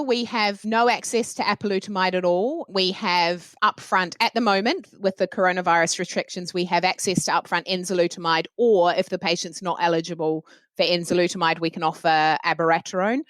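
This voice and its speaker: New Zealand woman, frank and measured. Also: fairly low pitch, fairly even intonation, a bit bright, no echo. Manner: frank and measured, careful with drug names. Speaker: oncologist. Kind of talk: roundtable discussion.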